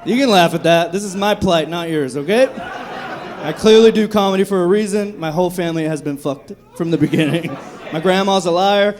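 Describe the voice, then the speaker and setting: A man from Texas performing a live stand-up set on a comedy club stage, with profane, dark, self-mocking jokes. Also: sits high, a little fast, some chatter behind, a little hiss or hum. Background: audience laughter.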